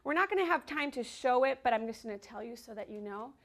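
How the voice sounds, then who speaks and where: A woman's voice: on the high side, animated, fast talker, fairly bright tone. A woman teaching a dance class to young children, talking energetically and counting the rhythm aloud.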